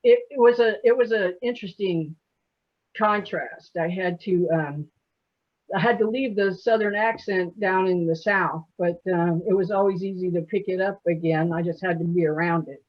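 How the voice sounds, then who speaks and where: In muffled, lo-fi audio, a woman with a lowish voice talks at a moderate pace. She's a sixty-something poet from Alabama, guesting in a casual interview and spinning folksy, chatty stories with frequent laughter.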